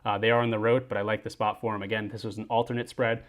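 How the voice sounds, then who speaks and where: A man hosting a sports betting picks show, running quickly through his bets and plugging promo codes. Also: level tone. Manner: brisk, upbeat sign-off pitches. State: out of breath. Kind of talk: fast betting picks rundown.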